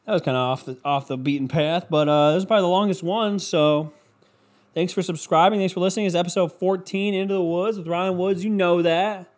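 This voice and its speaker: Hosting his own casual podcast alone, a young man rambles, curses nonstop, and fills his speech with "like." He speaks at a moderate pace in a voice that sits high.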